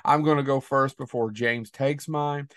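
A man hosts a casual movie podcast in an upbeat, enthusiastic way. His mid-pitched voice sounds dry and close to the mic. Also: steady tone, a little slow, a bit bright, no room sound. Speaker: podcast host.

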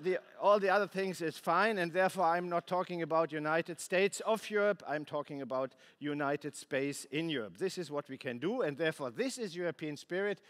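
A man heading a space agency gives a conference keynote, halting and restarting often, with dry asides. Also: a little high. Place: conference plenary hall.

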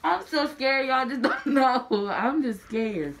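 A woman's voice: high-pitched, animated, slow pace, fairly bright tone. A woman vlogging in a salon, talking casually, nervous and giggly, repeating that she is scared. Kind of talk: casual vlog chat.

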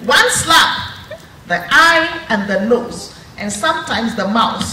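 A woman telling a folktale at an unhurried pace, her bright voice rising and falling a lot. She sounds a little far from the mic in a roomy space, with faint noise underneath. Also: fairly high pitch, lively intonation. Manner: slow, lilting, chuckling asides. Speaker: storyteller. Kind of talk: folktale narration.

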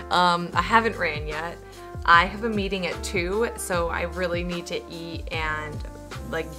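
A young woman sewing vlogger chatting casually at home, rambling with fillers and little laughs. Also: lowish voice. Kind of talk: casual vlog.

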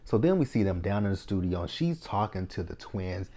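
A man with a low, mellow voice talks through a reality show episode in casual review commentary. He is blunt and openly exasperated, swearing freely as he recaps the scenes and adds his own asides. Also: very animated, brisk.

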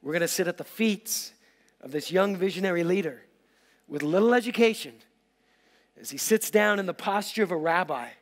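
Energetic high-voiced man preaching. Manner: energetic, joking asides to the congregation. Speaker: pastor. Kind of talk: sermon. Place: large church auditorium. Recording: long hall reverb.

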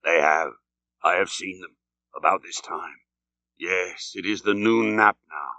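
A man's voice: mid-range voice, normal speed, gravelly, bright, forceful tone, no room sound. A man reading the part of an obsessed old whaling captain, grim and weighty, swinging from bellowed orders to weary murmurs. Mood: brooding.

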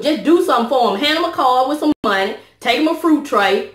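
A woman's voice: a little high, lively intonation, a little fast, few pauses. A middle-aged woman sharing a personal testimony on her vlog, talking in an earnest, preachy way about prayer and helping others. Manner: earnest, preachy, Southern US dialect features. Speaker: vlogger. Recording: echoey room.

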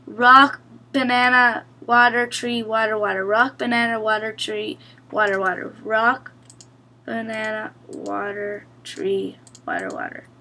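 High bright-voiced young woman gaming. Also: fairly even intonation, measured pace. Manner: exasperated, pleading with teammates. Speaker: gaming video creator. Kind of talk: gameplay commentary.

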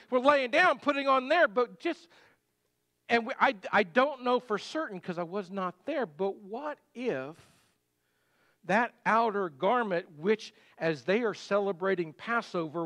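High-voiced pastor preaching. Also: male voice, lively intonation, unhurried, a bit bright, no echo. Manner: conversational preaching with rhetorical questions. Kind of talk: sermon.

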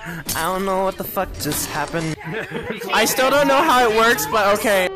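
A young man chatting while playing a VR game, excitable and nervous, laughing often and swearing a lot. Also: high-pitched, moderate pace. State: nervous and scared. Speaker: streamer playing a VR social game. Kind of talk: casual chat while gaming.

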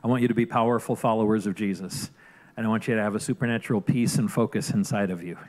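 A man's voice: lowish voice, fairly even intonation, quick pace, darkish tone. A man preaching a sermon as pastor, in a casual, conversational way with frequent asides and restarts.

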